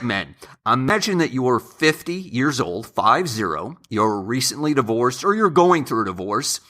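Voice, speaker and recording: A man's voice: fairly high pitch, sharp tone. A middle-aged man hosting a money advice channel, speaking straight to his viewers in an emphatic monologue that repeats key words for stress. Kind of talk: direct-to-camera advice monologue.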